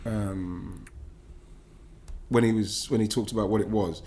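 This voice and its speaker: A middle-aged man from England, a former footballer, telling an emotional personal story in a podcast interview, animated, swearing and stumbling over restarts when moved. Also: fairly low pitch, unhurried, vocal fry.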